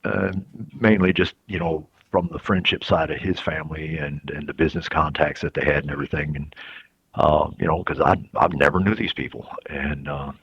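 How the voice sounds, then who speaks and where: Very deep husky man, halting. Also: fairly even intonation. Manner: halting, soft-spoken, frequent restarts. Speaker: incarcerated interviewee. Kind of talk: reflective interview answers. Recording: dull lo-fi recording.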